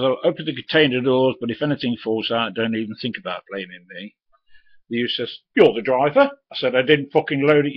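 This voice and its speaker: A retired lorry driver, an older man with a lowish, husky voice, bluntly tells stories from his trucking days in a casual monologue. He swears freely and acts out his own lines and everyone else's. The recording is dry, with the highs cut off.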